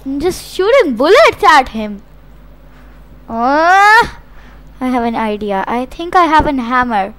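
A woman's voice: high voice, sing-song, takes it slowly, pauses often, fairly bright tone. A young woman giving playful, dramatic play-by-play of a zombie game, often shrieking in mock panic. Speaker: gaming channel host.

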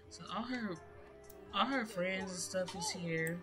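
A woman's voice: medium pitch, unhurried. A woman giving casual, chatty gameplay commentary in slangy speech, addressing her viewers directly. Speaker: gaming YouTuber. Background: music.

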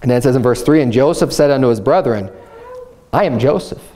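A male pastor teaching a sermon in a conversational way, with many fillers and restarts, reading scripture slowly. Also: medium pitch, mellow. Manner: reads scripture slowly, acts out speakers in a raised voice.

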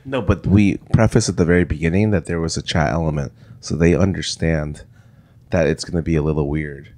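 A man's voice: rumbling low, brisk, a little mellow, no echo. A man co-hosting a casual podcast, teasing and playful. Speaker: podcast co-host. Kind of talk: casual chat.

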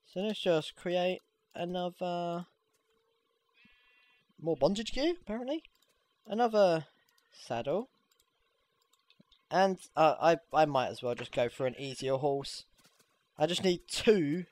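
A gamer giving casual, excitable gameplay commentary, swearing freely and squealing when things go well. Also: mid-range voice, unhurried, pauses often. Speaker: let's play gamer.

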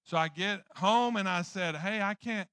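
Bright-voiced, animated preaching man. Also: sits high, moderate pace, smooth, no echo. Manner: animated, jokey storyteller acting out his own past lines. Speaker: pastor. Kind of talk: sermon with personal storytelling.

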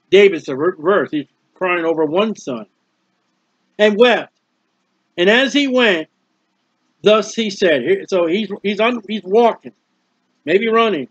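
A high-voiced American man teaching a Bible study, moving from slow, careful scripture reading into homespun explanation. The recording is dry and muffled, like an old lo-fi tape, with no room sound at all. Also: animated, a bit bright, no room sound. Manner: reads scripture slowly, then explains in plain folksy asides.

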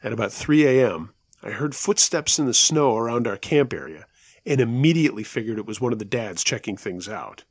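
A man telling a listener's true scary story in a conversational way, slowing down at the tense moments. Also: mid-range voice, animated, breathy edge, no echo. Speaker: storyteller, show host.

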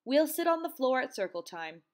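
A woman reading as a soft, patient schoolteacher. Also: high-pitched, sing-song, moderate pace, pitched above the performer's own voice. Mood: gentle.

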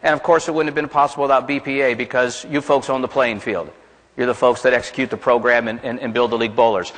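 Speaking fast in a steady, medium-pitched, slightly bright voice, a man from the American South presents a folksy, plain-spoken seminar to a conference crowd. He asks the room questions as he goes, and the hall echoes.

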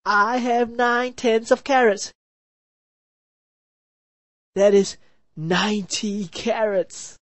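A woman voicing a tired male brother in a children's story, counting in a slow, weary, dragging way. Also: fairly high pitch, fairly even intonation, no room sound, pitched above the performer's own voice.

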